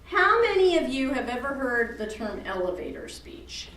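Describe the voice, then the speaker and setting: A woman leading an advocacy workshop, quizzing her audience and making joking asides in a lively talk. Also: sits high, normal speed, a crowd in the background. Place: meeting room at a church event. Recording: roomy hall, from far off.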